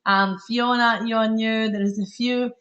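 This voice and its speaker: A woman's voice: fairly high pitch, fairly even intonation, a bit bright, highs cut off. Bubbly Italian woman hosting a webinar. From Italy. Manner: fast, bubbly, chatty with many fillers. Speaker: webinar host. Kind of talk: live webinar presentation.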